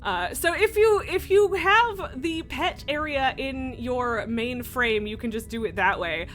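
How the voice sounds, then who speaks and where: Bright, giggly young woman streamer. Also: high-pitched, measured pace, a little hiss or hum. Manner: chatty and giggly, many fillers. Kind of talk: casual live-stream chat. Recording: game music underneath.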